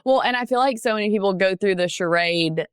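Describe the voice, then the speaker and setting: A woman's voice: medium pitch, a little fast, smooth, no room sound, clean studio sound. A woman hosting a podcast, talking in a casual and affirming way, easily moved by her guest. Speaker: podcast host.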